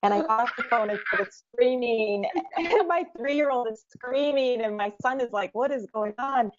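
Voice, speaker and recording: A woman in her thirties, a guest entrepreneur telling her story in an interview, animated and quick. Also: on the high side. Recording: dull lo-fi sound.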